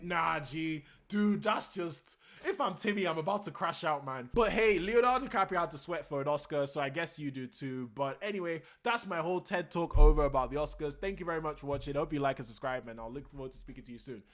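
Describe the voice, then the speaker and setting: Animated opinionated young man. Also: a little high, fairly quick, hardly any pauses. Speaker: vlogger. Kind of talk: casual opinion commentary.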